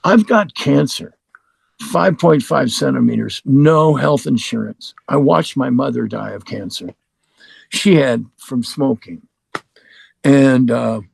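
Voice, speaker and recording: A man's voice: medium pitch, gravelly, dry recording. A man from Oregon, a musician guest, telling a personal story in casual talk. He swears freely and acts out both voices in the conversations he recalls. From Oregon, United States.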